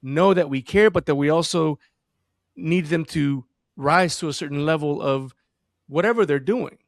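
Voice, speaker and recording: A man talking about fatherhood as a podcast guest, in an earnest, animated storytelling way. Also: on the high side, normal speed, no room sound, clean studio sound. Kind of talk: casual podcast conversation.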